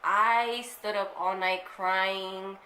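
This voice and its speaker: Bright-voiced young woman telling a story. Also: mid-range voice, steady tone, very slow. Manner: candid and slangy, swears freely. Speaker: vlogger. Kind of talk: casual storytelling to camera. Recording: echoey room with faint noise.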